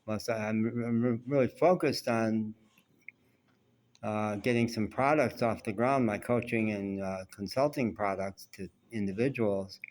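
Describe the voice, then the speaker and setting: Candid rambling male vlogger, lowish voice. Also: unhurried, darkish tone, slight background noise. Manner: rambling, candid, self-reflective. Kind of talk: casual personal storytelling.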